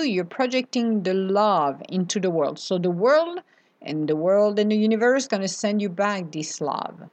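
Animated woman. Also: medium pitch. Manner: animated, playful asides with laughs. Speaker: spiritual speaker. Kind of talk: casual spiritual talk.

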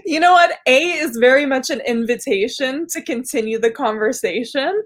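A bubbly young woman with a light Canadian accent, Arabic her mother tongue, talking as a guest over a video call. Her voice sits a little high and sounds close and dry, with frequent laughs and casual fillers. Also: moderate pace, a bit bright, no room sound. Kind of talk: casual interview chat.

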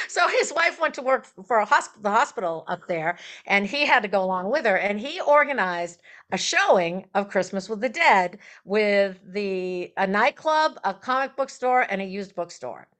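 A woman songwriter and performer, a guest on an interview show, telling stories in a chatty, animated way and laughing as she goes. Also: mid-range voice, unhurried. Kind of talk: casual interview storytelling.

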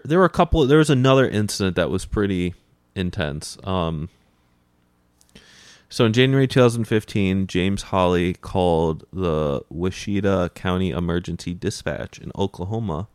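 Young male co-host, very deep voice; dry, teasing, laid-back storyteller. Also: darkish tone, no room sound. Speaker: podcast co-host. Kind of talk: casual chat, recounting news stories.

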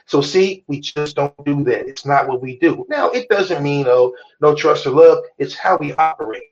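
A man's voice: a little high, moderate pace, lo-fi sound. Blunt, profane man ranting on a podcast. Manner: blunt, profane and emphatic, lecturing listeners. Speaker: podcast host. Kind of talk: casual opinionated podcast talk.

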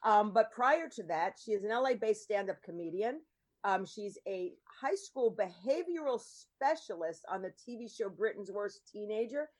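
A woman's voice: mid-range voice, animated, normal speed. A woman hosting and producing a podcast, introducing guests in a chatty, rambling way with lots of ums. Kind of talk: casual chat show introductions.

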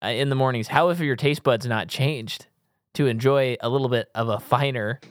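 A man's voice: medium pitch, normal speed, no echo, clean studio sound. A man in his thirties co-hosting a podcast, chatting casually about a movie, rambling and correcting himself with jokes. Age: 30s. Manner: rambling, self-correcting, joking. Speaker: podcast co-host. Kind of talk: casual movie-review chat.

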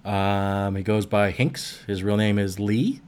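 A man's voice: on the low side, fairly even intonation, slow pace, a little mellow, smooth. A man hosting a podcast, introducing a segment in a laid-back, rambling way with many fillers. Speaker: podcast host. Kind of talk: casual chat.

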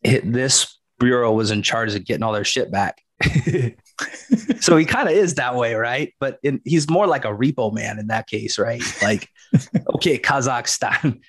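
A man's voice: medium pitch, animated, moderate pace. A middle-aged man co-hosting a casual history podcast, jokey and laid-back, often tagging his points with "right?" and "bro". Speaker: podcast co-host.

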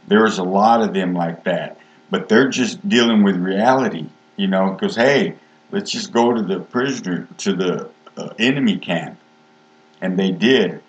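A man's voice: fairly low pitch, unhurried, reverberant. Folksy man teaching the Bible. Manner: folksy, conversational, reads scripture then retells it in everyday speech. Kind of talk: casual Bible study teaching.

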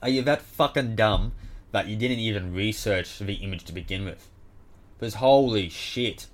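A deep-voiced man with an Australian accent runs through results in a casual rant. He is blunt and exasperated and swears constantly. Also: moderate pace. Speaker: podcast host.

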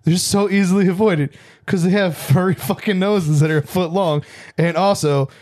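A man co-hosting a podcast, telling lore in a loud, joking, profane casual way. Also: sits high, normal speed, no echo, clean studio sound. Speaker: podcast co-host. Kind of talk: casual chat.

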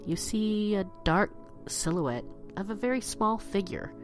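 A woman's voice: expressive, unhurried, soft background music. A woman hosting a spooky storytelling podcast, stuffy and congested from allergies, chatty and playful. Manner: chatty and playful, dramatic swells in pitch. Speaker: podcast host.

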